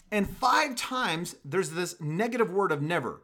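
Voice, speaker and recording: A pastor delivers a sermon in a high-pitched voice at a moderate pace with few pauses. He tells stories animatedly and hammers his points home through emphatic repetition.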